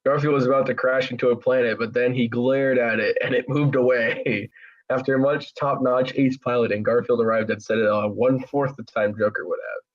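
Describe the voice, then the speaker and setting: A man hosting a podcast, reading fan fiction aloud in a deadpan, mock-serious way, on a dull lo-fi recording. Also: medium pitch, brisk. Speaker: podcast host.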